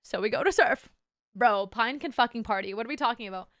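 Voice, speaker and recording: A woman's voice: a little high, fast, a bit bright, no echo, studio quality. A young woman streaming as a VTuber, telling a story in casual chat, bubbly and giggly and swearing constantly.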